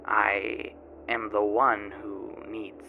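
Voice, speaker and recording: A man's voice: lowish voice, little pitch movement, very slow, vocal fry, lo-fi sound, exaggerated voice. A man playing a boastful, grubby male tomato grower, telling his tale in a rambling folksy way with odd grammar, in a first-person character monologue. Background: music.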